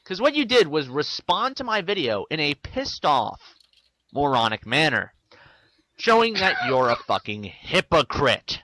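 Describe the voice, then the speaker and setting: A man with a bright voice rants defensively and swears often in an angry vlog. The sound is dry and close. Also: fairly high pitch, big pitch swings, measured pace, dry recording, low-quality recording. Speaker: video maker ranting to the camera.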